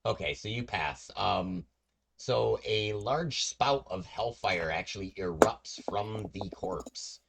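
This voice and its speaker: A man's voice: fairly low pitch, lively intonation, takes it slowly, gravelly, fairly bright tone, slight background noise. A man narrating as game master of a tabletop game, rambling with many fillers. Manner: meandering, filler-heavy narration.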